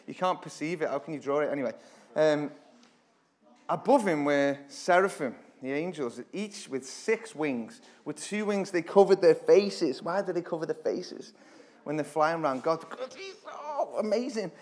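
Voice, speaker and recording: Guy preaching in church, kinda high voice, chatty then suddenly loud, reads scripture slow and dramatic. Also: expressive. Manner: conversational, with sudden loud emphatic bursts. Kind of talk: informal Bible teaching.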